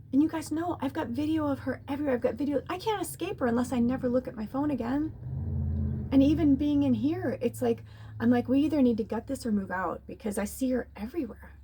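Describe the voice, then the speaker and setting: A woman's voice: high voice, warm tone, slight background noise. A woman who works as a spiritual medium, talking casually and emotionally about her life in a rambling, confessional way, swearing now and then and sometimes dropping to a whisper. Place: tiny home.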